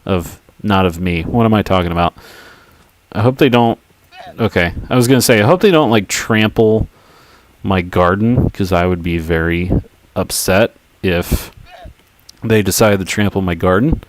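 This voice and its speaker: A man's voice: deep voice, moderate pace. A man livestreaming a game, chatting casually in a goofy, rambling, self-mocking way. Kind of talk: casual gaming commentary.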